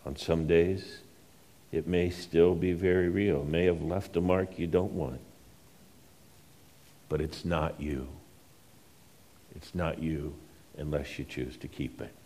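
A pastor telling a story during a sermon, unhurried and dropping to a soft hush for emphasis. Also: male voice, extremely low pitch, steady tone.

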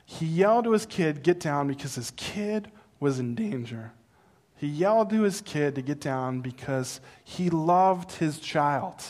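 Fairly high-voiced man preaching. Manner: animated storytelling that builds to loud, high exclamations; slow, soft and earnest when teaching. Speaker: pastor. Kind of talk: sermon.

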